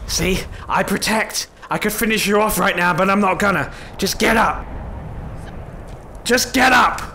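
A gaming YouTuber delivers comedic let's-play commentary, exasperatedly scolding and fussing over an in-game companion. His high voice sounds pushed and bright, unhurried, with slight background noise.

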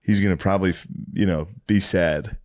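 A young man with a lowish voice jokes along on a podcast and breaks into laughter while telling his own stories. The recording is dry and close, with no room sound. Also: steady tone, fairly quick, a little mellow, no room sound. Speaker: podcast co-host. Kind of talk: casual chat.

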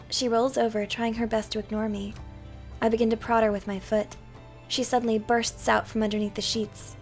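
A woman streamer reading a visual-novel game aloud in a calm, soft-spoken way. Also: fairly high pitch, normal speed, faint music behind.

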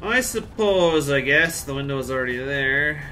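A man's voice: mid-range voice, lively intonation, normal speed, sharp tone, faint music behind. A man from Central Alberta chatting casually on a live game stream, answering chat with jokey asides. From Central Alberta, Canada. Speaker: game livestreamer.

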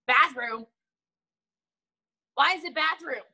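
Playful high-voiced woman teaching kids online. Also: slow pace, pushed and bright. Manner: upbeat, playful, teasing. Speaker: martial arts instructor. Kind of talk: online kids' class on a video call. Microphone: video call.

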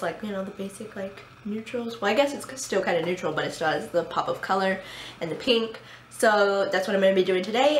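A young woman with a slight lisp from new braces, chatting casually through a makeup tutorial. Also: mid-range voice. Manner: chatty, casual, with frequent fillers. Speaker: beauty vlogger. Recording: echoey room, faint background hum.

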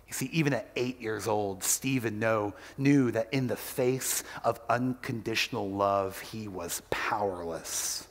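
A man's voice: mid-range voice, moderate pace, in a large hall. A male pastor giving a sermon and telling a story, acting out the quoted voices as he goes.

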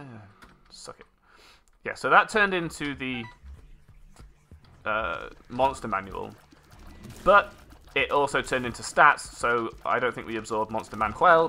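A man's voice: on the low side, creaky, bright, forceful tone, slight background noise. A man giving rambling let's play commentary, correcting himself as he goes with dry little asides. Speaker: gameplay commentator.

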